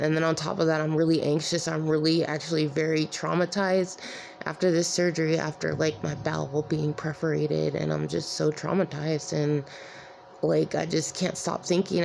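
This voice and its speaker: A weary, distressed woman talking to her viewers in a rambling, halting way, with many repeated "like"s. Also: lowish voice, creaky, darkish tone, slight background noise. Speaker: vlogger. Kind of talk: emotional personal vlog.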